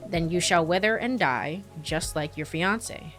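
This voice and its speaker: A woman's voice: on the low side, measured pace, fairly bright tone, faint music behind. A woman voicing a wrathful, possessive old goddess mother who speaks in stern decrees.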